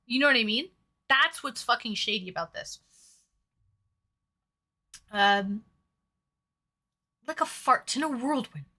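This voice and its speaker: A woman's voice: a little high, sharp tone. A woman streamer chatting casually with viewers, reading their messages aloud and swearing freely. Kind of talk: casual chat.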